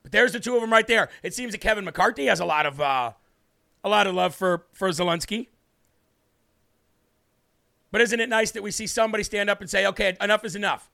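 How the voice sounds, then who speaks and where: A man's voice: high voice, a little fast, gravelly, long pauses, pushed and bright. A man hosting a political talk show, giving combative, mocking, opinionated commentary. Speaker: host.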